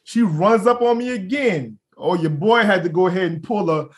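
High-voiced, lively young male podcast co-host, storyteller who acts out quotes. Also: normal speed, faint music behind. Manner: animated storyteller, acts out quotes, laughs, swears freely. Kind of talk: casual podcast chat, storytelling.

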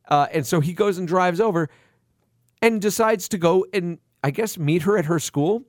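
Man, high voice, exasperated profane rant, movie podcast co-host, dry close sound. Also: animated, moderate pace, dry recording. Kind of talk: casual movie review chat.

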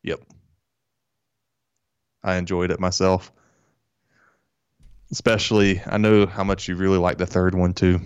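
Male podcast co-host, deep voice, laid-back, mostly short agreements. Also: little pitch movement, unhurried, pauses often, clear, resonant tone, muffled recording. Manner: brief agreeing replies, easygoing. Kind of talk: casual chat about movies.

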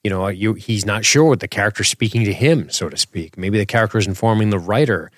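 Low-voiced enthusiastic podcast co-host man. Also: fast, no room sound, studio quality. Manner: rambling, restarts often, enthusiastic. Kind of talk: casual chat.

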